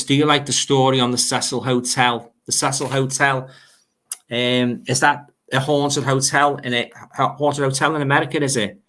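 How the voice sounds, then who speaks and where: Chatty bright-voiced Liverpool man. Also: mid-range voice. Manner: rambling, repeats words, chatty asides. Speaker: livestream host reading viewer comments. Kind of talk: casual livestream chat.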